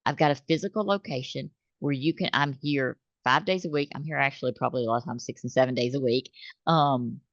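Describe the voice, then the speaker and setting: A low-pitched woman, talking in a lively, conversational way as a guest on an interview. She tells stories and acts out the voices of customers. The recording is dry and a little dull. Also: brisk, no room sound. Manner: animated storytelling, acts out customer calls. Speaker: business owner guest.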